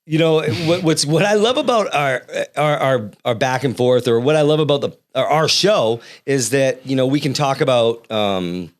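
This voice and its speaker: A middle-aged man with a Boston accent co-hosts a podcast. He talks in a laid-back, meandering way at an ordinary middle pitch. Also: animated, moderate pace, hardly any pauses. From Boston area. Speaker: podcast co-host. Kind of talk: casual chat.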